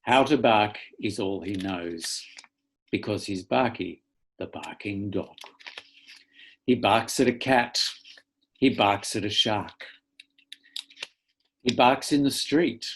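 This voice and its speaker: Reading a picture book aloud to kids via an online link from his home, a children's author performs playfully and theatrically, barking loudly. He speaks slowly in a lowish voice with frequent pauses, and there's slight background noise.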